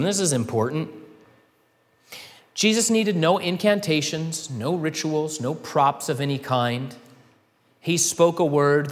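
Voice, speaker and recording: A male pastor giving a sermon in a conversational, explanatory way, with asides and rising emphasis. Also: on the high side. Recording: long reverb of a hall.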